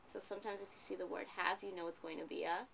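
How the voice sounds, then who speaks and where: Young woman tutoring reading, patient, lots of questions, a bit gravelly. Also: lowish voice, steady tone, quick pace, a bit bright, slight background noise. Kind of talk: one-on-one reading lesson.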